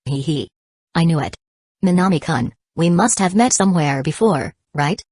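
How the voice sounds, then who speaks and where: Woman reading a giggly teasing girl w a weak heart, low soft voice, kinda breathless, dry close sound. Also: lively intonation, moderate pace, no room sound.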